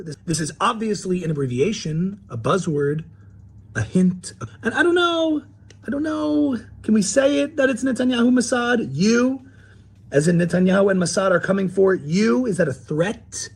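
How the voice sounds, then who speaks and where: A man's voice: high-pitched, measured pace, creaky, slightly rough, full character voice. A man playing a paranoid woman commentator in a parody sketch, talking mock-serious and theatrical with swooping emphasis.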